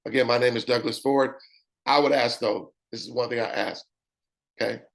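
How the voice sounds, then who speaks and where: A man with a raspy voice delivers an animated sales-pitch demonstration. His pitch sits in an ordinary middle range. He keeps tossing in "okay?" to check that his listeners are with him. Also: normal speed. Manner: animated, repeats "okay?" often. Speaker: presenter.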